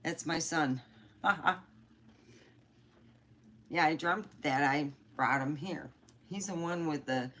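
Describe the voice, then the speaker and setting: A middle-aged woman talks unhurriedly in a low voice, rambling through a casual livestream chat. She is candid and loose, cursing freely as she goes. It sounds like a phone or webcam mic. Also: takes it slowly, pauses often, a bit bright. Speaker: livestream host.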